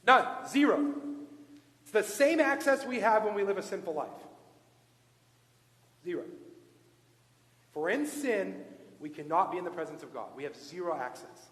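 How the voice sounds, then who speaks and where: A man preaching a sermon in a church sanctuary, asking the congregation questions and swinging from loud emphatic points to hushed asides. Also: sits high, big pitch swings, normal speed, long pauses. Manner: asks the congregation rhetorical questions. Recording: echoey church hall, long reverb.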